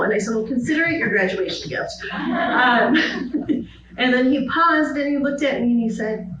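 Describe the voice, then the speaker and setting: A middle-aged woman, a former high school teacher, telling fond stories about a student at a memorial, often laughing as she speaks. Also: animated, moderate pace. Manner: warm storytelling with laughter. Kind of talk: memorial tribute speech. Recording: echoey, distant, muffled, noisy.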